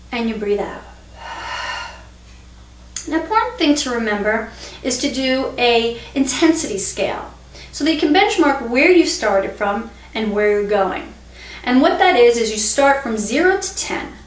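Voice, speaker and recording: A woman's voice: fairly high pitch, animated, measured pace, pauses often. Woman teaching in an echoey room. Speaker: EFT instructor. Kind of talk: instructional explanation with demonstration phrases. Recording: echoey room, mic at a distance.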